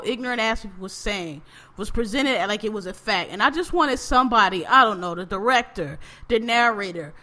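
Brief: woman host, casual rant, bright voice, pitched a bit high. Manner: profane, animated ranting. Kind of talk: casual chat.

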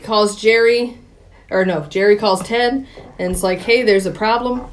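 A woman's voice: medium pitch, a little slow, a little hiss or hum. A woman co-hosting a podcast, retelling a movie plot in casual chat, acting out the characters' lines and laughing often. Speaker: podcast co-host.

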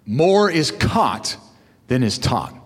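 A man's voice: mid-range voice, sing-song, slow pace, slightly rough. A male pastor preaching a sermon to fathers, with call-and-response asides to his congregation. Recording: long hall reverb.

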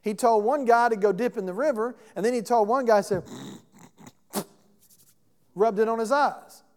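Inside a church sanctuary, a pastor with a very high-pitched voice preaches at normal speed. His sermon unfolds as a conversational story punctuated by questions to the congregation, all washed in long hall reverb.

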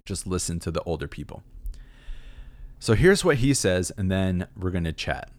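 A man teaching a Bible passage in a relaxed, conversational way, with wry asides. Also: deep voice, moderate pace, dry recording. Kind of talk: casual scripture commentary.

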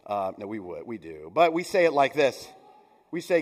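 A man's voice: fairly low pitch, very animated, moderate pace. A middle-aged man giving a sermon as pastor, conversational, with playful asides and mock voices. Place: church sanctuary. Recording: long church reverb.

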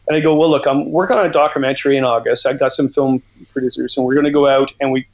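A middle-aged man from Canada talks as a guest on a podcast, rambling through his stories with an animated, laughing delivery. His voice sits a little higher than most men's. He sounds like he is calling in remotely. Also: quick pace, vocal fry, muffled recording. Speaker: guest, outdoor educator and author. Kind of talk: casual podcast interview.

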